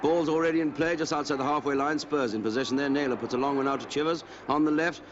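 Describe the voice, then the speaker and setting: An actor playing a harried male sports commentator, in brisk broadcaster patter. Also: fairly high pitch, fairly even intonation, natural voice. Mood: commentating. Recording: muffled old TV audio with loud hiss.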